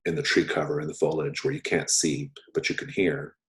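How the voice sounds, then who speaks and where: A man narrating as game master of a tabletop horror game, deliberate and descriptive. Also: rumbling low, flat delivery.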